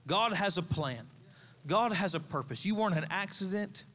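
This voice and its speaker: A man's voice: high-pitched, lively intonation, normal speed, pushed and bright, in a large hall. A man in his thirties, a pastor, preaching a sermon in a conversational, storytelling way, with asides to the congregation. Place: church sanctuary.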